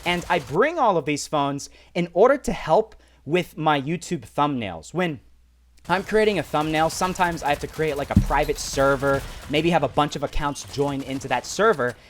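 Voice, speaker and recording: Animated man telling a vlog story. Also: fairly high pitch, normal speed, slight background noise. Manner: animated, lots of fillers like "like" and "right?". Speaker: mobile gaming YouTuber.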